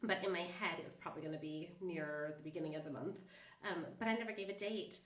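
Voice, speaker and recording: A stuffed-up woman with a lowish voice rambles chattily through a casual monologue, full of fillers and small laughs. She sits a little back from the mic in a roomy, echoing space. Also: fast talker, distant mic. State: stuffed up with a cold. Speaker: life coach.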